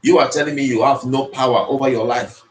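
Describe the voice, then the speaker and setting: A man's voice: medium pitch, fairly even intonation, fast. Emphatic man, roomy echo. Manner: repetitive, emphatic, preachy. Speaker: motivational speaker. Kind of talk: motivational speech. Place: speaking to an audience in the Philippines.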